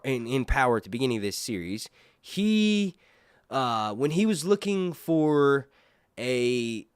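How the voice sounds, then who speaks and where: A man with a nasal voice hosts a casual trailer breakdown, seated and talking in a rambling, animated way with many fillers and asides. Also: medium pitch, no room sound, clean studio sound. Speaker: host. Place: seated indoors.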